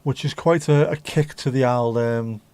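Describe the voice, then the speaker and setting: A man's voice: mid-range voice, moderate pace, darkish tone, clean tone, dry recording. A man hosting a casual livestream chat, bantering crudely and swearing often. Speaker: livestream host.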